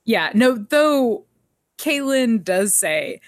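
A woman's voice: fairly low pitch, animated, a little slow, no room sound. Woman co-host, chatty recapper with a light laugh, dry close sound. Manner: chatty, laughs often, quotes characters. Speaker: podcast co-host. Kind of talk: casual recap chat.

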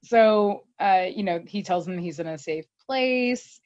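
A woman casually recapping an episode, telling it in an animated way with lots of "like" and laughter. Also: mid-range voice, measured pace, no echo. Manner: animated storytelling with many fillers and laughs. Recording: dull, slightly muffled dry audio.

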